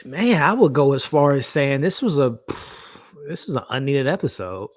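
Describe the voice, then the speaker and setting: With a sing-song, medium-pitched voice at normal speed, a man runs a live reaction stream, speaking candidly and chatting directly with viewers. The recording is dry and clean, with studio sound.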